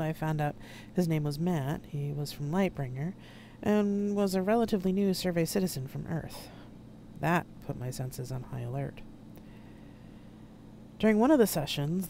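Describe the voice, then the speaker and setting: An author reading their own novel aloud in first person on a live stream, with an expressive, dramatic delivery. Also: medium pitch, slight background noise. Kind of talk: first-person audiobook narration read live. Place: home streaming setup.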